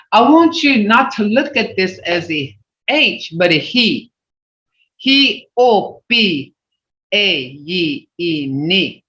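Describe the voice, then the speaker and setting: A language teacher on a video call who repeats words and swoops the pitch to show tones. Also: fairly bright tone. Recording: roomy, dull lo-fi video call audio.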